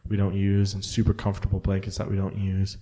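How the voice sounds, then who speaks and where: A man's voice: deep voice, completely flat delivery, quick pace, dark tone. A man co-hosting a podcast, telling profane, loose stories in casual chat and acting out quotes, close to the mic. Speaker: podcast co-host.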